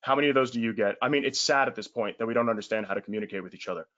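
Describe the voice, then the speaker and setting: A man's voice: mid-range voice, very fast, a bit bright, dull audio. A man giving a casual webinar sales talk, blunt and emphatic, in colloquial words with the odd swear.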